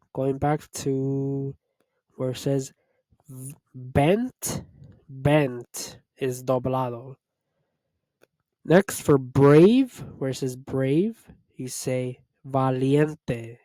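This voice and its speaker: A man runs through a vocabulary list at a very unhurried pace, pausing between each word. His voice sits at an ordinary middle pitch. The sound is dry and close, with no room around it. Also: dark tone, no room sound. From United States. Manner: slow, deliberate word-by-word drilling. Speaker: Spanish tutor. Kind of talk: slow vocabulary lesson.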